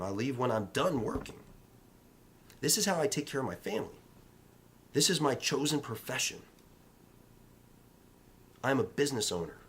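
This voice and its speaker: A man in real estate speaking in a casual vlog, giving emphatic, repetitive motivational advice in a coaching tone. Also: mid-range voice.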